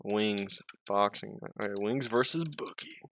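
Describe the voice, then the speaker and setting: A man's voice: lowish voice, expressive, a little slow, gravelly, fairly bright tone, a little hiss or hum. A man streaming and chatting casually, rambling, interrupting himself, swearing and laughing often.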